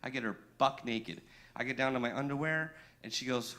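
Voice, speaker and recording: A man's voice: medium pitch, steady tone, brisk, bright, forceful tone. A young man performing a crude stand-up comedy set, telling brash stories with acted-out dialogue on a comedy club stage.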